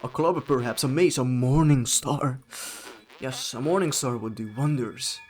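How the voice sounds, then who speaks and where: A man voicing a boisterous, hearty old weapon enthusiast, reading game dialogue loudly and emphatically. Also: a little slow, close to an everyday voice, poor audio. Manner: loud, booming, emphatic.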